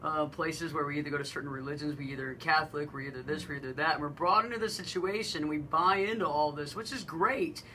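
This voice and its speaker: A woman with a low, deep voice and a bright, forward tone, chatting on a radio talk show. She tells stories with animated energy. A faint hiss sits under her voice. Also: fast, few pauses, low-quality recording. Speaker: radio co-host.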